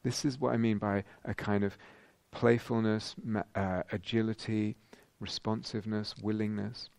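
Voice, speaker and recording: A man giving a thoughtful dharma talk as a meditation teacher at a retreat, pausing and restarting as he searches for words. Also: fairly low pitch, little pitch movement, vocal fry, a little mellow, dry recording. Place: retreat centre meditation hall.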